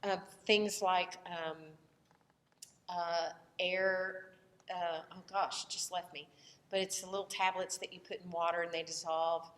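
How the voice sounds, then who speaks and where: A woman with a Southern American accent, a voice teacher lecturing in a relaxed, conversational way with frequent fillers and restarts. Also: lowish voice, measured pace. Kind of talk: recorded lecture. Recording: echoey room, voice from far off the mic.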